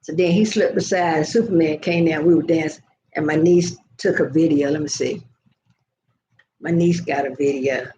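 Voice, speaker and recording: A woman's voice: low voice, steady tone, normal speed, mellow. An older woman hosting a casual vlog, telling a meandering story and talking straight to her live viewers. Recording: dull lo-fi sound with faint noise.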